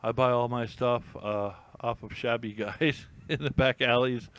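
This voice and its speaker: Male streamer, smooth voice, dry close sound; chatty and rambling, thinks out loud. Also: medium pitch, fairly even intonation, a little slow, no room sound, rough recording. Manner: rambling, chatty, with many fillers and restarts; thinks aloud while browsing listings. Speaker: YouTube host. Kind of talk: casual live-stream chat.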